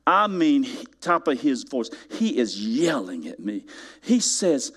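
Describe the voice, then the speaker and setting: Slow and breathy, this mid-range male voice belongs to a pastor delivering a church sermon. His storytelling is animated, with emphasis mounting to loud peaks as he asks the congregation rhetorical questions.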